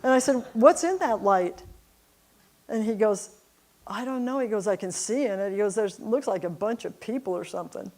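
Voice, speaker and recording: A woman's voice: medium pitch, a little fast, warm tone. A middle-aged woman speaking to a church congregation, telling personal stories in a chatty way and laughing often. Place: church service.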